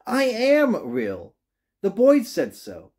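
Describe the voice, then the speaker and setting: A man voicing a small, shy, wistful velveteen toy rabbit in a storybook reading, with a high, earnest, plaintive voice. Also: huge pitch swings, moderate pace, dark tone, slightly rough, full character voice. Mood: pleading.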